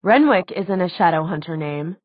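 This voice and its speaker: A woman's voice: lowish voice, lively intonation, moderate pace, no echo, dull audio. A dry, practical middle-aged man, as a woman reads him. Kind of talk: audiobook character voice.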